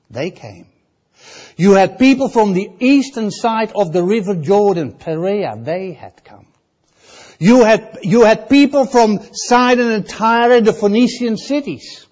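A man with a Dutch accent preaches a sermon in a voice that is high for a man and rises and falls a great deal. He takes an unhurried pace, swinging dramatically between loud, emphatic phrases and quiet asides.

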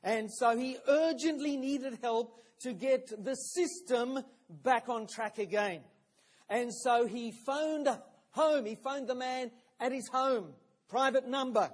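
High-voiced preacher. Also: male voice, slow pace. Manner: friendly storytelling with hesitant fillers and restarts. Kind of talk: sermon.

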